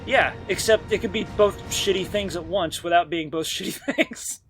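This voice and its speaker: A man's voice: sits high, moderate pace, fairly bright tone, faint music behind. A man co-hosting a casual podcast chat, rambling, swearing freely and laughing often. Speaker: podcast co-host.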